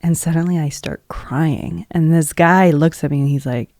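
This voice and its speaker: A woman's voice: deep voice, steady tone, moderate pace, darkish tone, no room sound, clean studio sound. A woman guest on a podcast, an energy healer, telling a personal story in a casual, earnest way and leaning heavily on "like" as a filler. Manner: heavy use of "like" as filler; earnest, emotional retelling.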